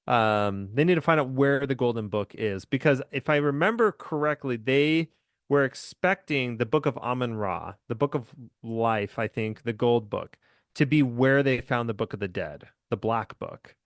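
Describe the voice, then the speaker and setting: A man in a casual podcast chat about a film, eager and quick to laugh. His voice sits at a middle pitch and sounds dry and close, with no room around it. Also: lively intonation, dry recording. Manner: enthusiastic, laughs often, restarts. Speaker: podcast host. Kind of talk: casual movie discussion.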